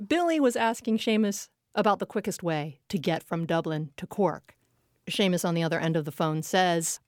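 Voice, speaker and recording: A woman's voice: on the low side, animated, moderate pace, darkish tone, dry recording. A woman hosts a podcast from a studio and keeps the talk playful, happily trading jokes with her guest. The sound is close and dry, with no room around it. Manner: playful, joke-telling. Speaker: podcast host. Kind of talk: casual interview chat.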